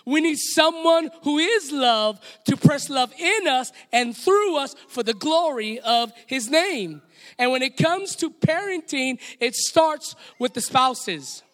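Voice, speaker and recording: A pastor with a Hawaiian accent preaches a sermon in a church sanctuary, playful and direct, calling on the congregation to repeat lines back to him. His voice is very high-pitched, very animated and fairly bright, and he takes it slowly under long hall reverb.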